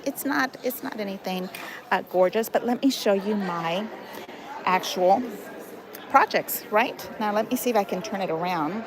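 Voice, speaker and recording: A woman's voice: medium pitch, moderate pace. A woman hosting a casual paper-crafting livestream, chatty and affectionate, greeting viewers by name. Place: busy crafting retreat hall with crowd. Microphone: phone camera. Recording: crowded noisy venue. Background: crowd chatter.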